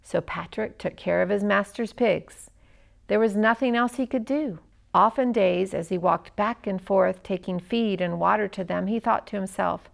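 A woman narrating a children's story expressively, with dramatic pauses. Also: medium pitch, vocal fry.

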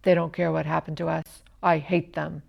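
A woman's voice: deep voice, little pitch movement, normal speed, gravelly, lo-fi sound, voice pushed down, heavily acted. A woman voicing a bitter, resentful adult male servant in a children's story.

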